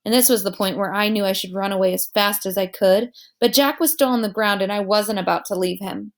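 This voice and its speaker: A woman reading a children's novel aloud, her narration lively and her pitch in the middle range. She tells the story plainly and gives each character a voice of its own. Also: brisk.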